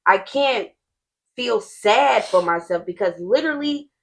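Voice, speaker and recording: A frank, headstrong woman chatting on a podcast, her voice bright and forceful. She talks plainly, in slang, and holds firm to her point. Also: fairly high pitch, expressive. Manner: frank, headstrong, slangy, reacts with quick interjections. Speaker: podcast co-host. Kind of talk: casual chat.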